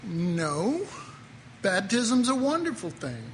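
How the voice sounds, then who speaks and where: A man with a high, sing-song voice preaches slowly, keeping his sermon loose and conversational. He often breaks off mid-thought and chuckles at his own jokes and asides. The recording sounds like an echoey hall with faint background noise.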